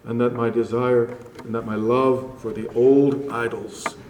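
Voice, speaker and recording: A man preaching a sermon to his congregation in slow, measured phrases, rising strongly on key words and dropping to a hush. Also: medium pitch, flat delivery, roomy sound, noisy background. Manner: slow, measured preaching with dramatic rises and hushed drops. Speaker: pastor.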